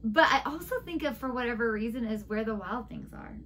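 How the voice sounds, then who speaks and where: A woman with a somewhat high voice chats casually beside her co-host. She giggles often and pokes fun at herself in an earnest way. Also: expressive, a little fast, a bit bright, slight background noise. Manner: giggly, self-mocking, earnest. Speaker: co-host, middle school teacher. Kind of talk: casual chat.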